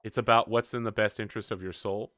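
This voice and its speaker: A young man running a tabletop game as game master, relaxed, explaining rules and laughing often. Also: on the low side, fast talker, no echo, clean studio sound.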